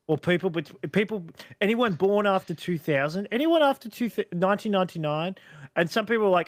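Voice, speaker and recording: A man's voice: high-pitched, expressive, brisk, dry recording. Chatty man, dry close sound. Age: 30s. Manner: chatty, laughs often, rambling restarts. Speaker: podcast co-host. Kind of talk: casual chat.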